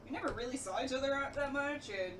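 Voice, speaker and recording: A woman's voice: high voice, fast, far from the mic. A woman chatting casually with the streamer in his room during a game stream, swearing freely and laughing often. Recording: off-mic with background noise.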